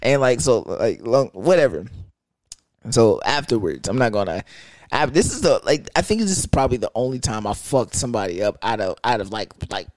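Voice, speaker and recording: Animated young man telling a story. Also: medium pitch, brisk, no echo, clean studio sound. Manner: animated, profane, rambling with restarts. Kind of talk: casual storytime.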